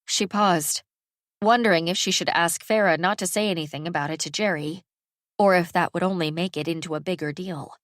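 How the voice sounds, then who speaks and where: A woman narrates a scripted audiobook with a lowish voice, keeping the storytelling even and measured. It's studio quality, with no room sound.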